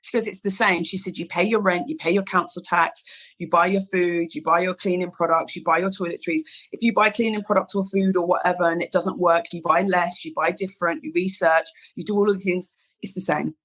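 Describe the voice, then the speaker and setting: A woman's voice: on the low side, fairly even intonation, brisk, fairly bright tone, rough recording. A woman in her thirties with a London accent, a salon founder telling stories in a casual interview and acting out the people she quotes. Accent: London English. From England. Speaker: guest, hairdresser and salon founder.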